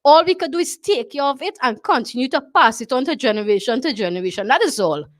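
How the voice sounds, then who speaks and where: A woman's voice: sits high, expressive, quick pace. A Trinidadian woman hosting a talk show, speaking emphatically, repeating her phrases and often asking "you understand?". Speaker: show host.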